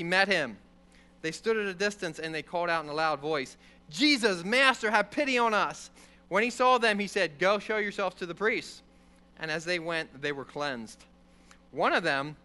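This man, a preacher, reads from Scripture and explains it in a casual, animated Bible lesson, frequently asking whether his audience is following. He has a high voice with a clean tone.

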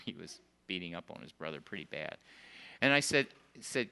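An older man preaching a sermon, emphatic at times and dropping to soft, quiet storytelling. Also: deep voice, lively intonation, a little fast, gravelly, smooth. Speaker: pastor.

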